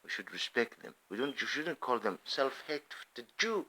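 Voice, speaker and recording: A man giving an earnest monologue, speaking emphatically and pausing to restart his sentences. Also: mid-range voice, big pitch swings, sharp tone, low-quality recording. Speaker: speaker giving a personal view.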